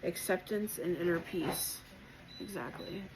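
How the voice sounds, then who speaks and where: Gentle and encouraging, a tarot reader talks through a spiritual collective reading in a slightly low voice, letting her emotions show now and then. Her speech is full of pauses, fillers and returns to earlier points. A faint hiss runs under the recording.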